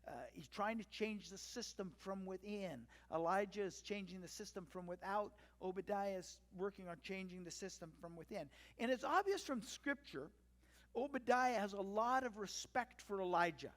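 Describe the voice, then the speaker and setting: A pastor preaches in a relaxed, conversational way, with wry asides and lively acted-out quotes. The voice sits at a middle pitch. A long reverb hangs on every phrase, as in a large church sanctuary. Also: moderate pace. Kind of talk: sermon.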